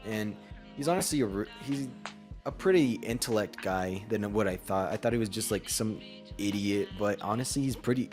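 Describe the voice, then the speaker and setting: A young man co-hosting a casual podcast, rambling with lots of restarts and fillers as he talks over a voice call. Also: on the low side. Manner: rambling, many restarts and fillers, laughs often. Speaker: podcast co-host. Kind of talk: casual chat.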